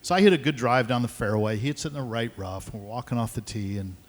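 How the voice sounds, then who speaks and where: An older man spins an animated story on stage, jumping into voices to act out both sides of the talk. His pitch sits in an ordinary middle range, and a long reverberant tail hangs behind his words in a large conference hall. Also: quick pace. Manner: animated, acts out dialogue in voices. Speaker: guest speaker, pro golfer.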